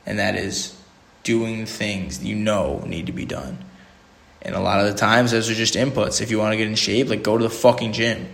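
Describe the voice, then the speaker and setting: A man's voice: on the low side, normal speed, creaky, fairly bright tone. A young man hosting a solo podcast, giving a rambling motivational monologue full of "like" and restarts. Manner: rambling, motivational, filler-heavy with lots of "like". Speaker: podcast host.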